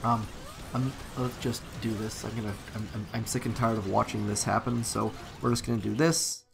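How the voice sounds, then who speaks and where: A man's voice: fairly low pitch, steady tone, moderate pace, creaky, music in the background. A man commenting casually on a live game stream, rambling and correcting himself as he talks to his chat.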